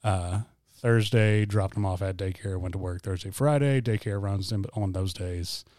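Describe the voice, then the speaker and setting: Man in his thirties, lowish voice, dry close sound, candid self-mocking podcast chat. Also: normal speed, a little mellow, no room sound. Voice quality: voice turns gravelly when whispering. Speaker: podcast co-host and guest. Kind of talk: casual chat.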